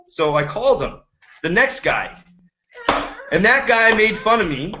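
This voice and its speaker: Rambling, earnest male home business coach, high-pitched, on a dull lo-fi recording. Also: moderate pace, sharp tone. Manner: rambling and earnest, checks in with "right?" and "okay?". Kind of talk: motivational talk to camera.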